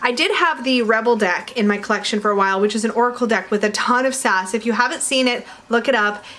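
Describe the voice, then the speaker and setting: A woman's voice: fairly high pitch, quick pace, fairly bright tone. A woman in casual chat to camera, reviewing tarot decks at home, chatty and giggly, rambling with fillers. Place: home room with her dog nearby.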